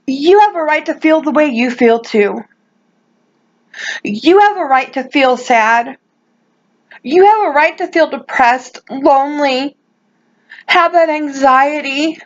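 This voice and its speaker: Passionate high-voiced woman vlogger. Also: highs cut off. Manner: passionate and emphatic, with restarts. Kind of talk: personal vlog monologue.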